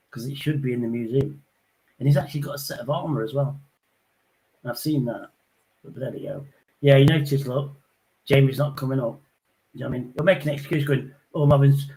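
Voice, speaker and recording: A man in casual banter, boasting and joking with rough humour. His voice sits at a middling pitch and he talks at a relaxed pace. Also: brisk, rough recording. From Derby. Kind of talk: casual chat.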